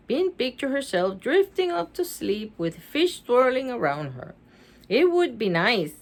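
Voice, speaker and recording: A woman, a mother, reading a children's book aloud with chatty asides at home, expressive and laughing easily. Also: fairly high pitch, a little slow. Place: at home with her dog.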